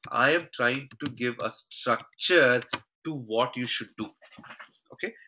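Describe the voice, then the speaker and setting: A man with a pushed, bright, medium-pitched voice leads a live online class using a shared screen. He calls everyone "team" and keeps adding "okay" and "all right" to his points. The low-quality recording carries a little hiss or hum.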